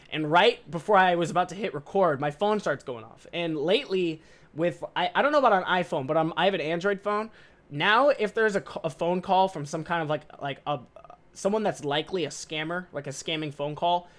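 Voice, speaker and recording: A young man hosting a podcast, telling a story in a casual monologue, animated, self-mocking and swearing freely. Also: on the high side, fast. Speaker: podcast host.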